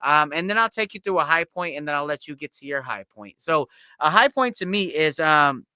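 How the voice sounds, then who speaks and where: A man's voice: a little high, very animated, a little fast, pushed and bright, clear, resonant tone, dry recording. A man co-hosting a casual recovery talk, upbeat and reflective, often tagging thoughts with "right?". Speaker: musician and podcast co-host.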